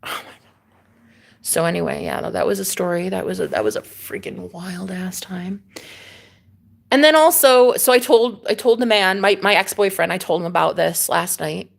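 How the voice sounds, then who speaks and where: A young woman vlogging a casual storytime rant, animated and swearing, with sudden loud outbursts and dips. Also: mid-range voice, brisk, vocal fry.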